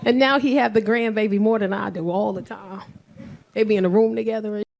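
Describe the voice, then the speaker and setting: A woman's voice: mid-range voice, fairly even intonation, a little fast, creaky, darkish tone, slight background noise. A woman doing a stand-up comedy set on stage, telling brash, bawdy stories and acting out voices. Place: comedy stage before a live audience. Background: audience laughter.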